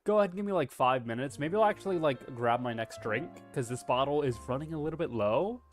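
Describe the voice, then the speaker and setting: A man with a Texan accent chatting casually on a livestream, playful and hammy, swearing freely and letting out loud yeehaw whoops. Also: mid-range voice, expressive, fast, faint music behind. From Texas. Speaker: VTuber streamer.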